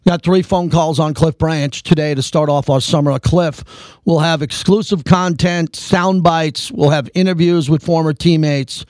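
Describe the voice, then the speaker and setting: A man hosting a sports radio talk show, speaking emphatically and building excitement. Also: fairly high pitch, moderate pace, no echo, studio quality. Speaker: radio host.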